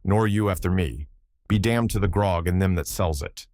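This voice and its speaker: A man voicing a superstitious old sailor with an Irish accent, telling a tale in a lilting, animated way. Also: sits low, normal speed, dry recording, clean studio sound. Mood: gruff. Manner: yarn-spinning, lilting, animated.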